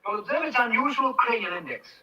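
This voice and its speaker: An actor playing a genial, sociable naturalist neighbor, in 1930s film acting. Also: male voice, very high-pitched, expressive, quick pace, lo-fi sound. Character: genial English naturalist neighbor, smooth host. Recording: distant old film soundtrack, faint hiss.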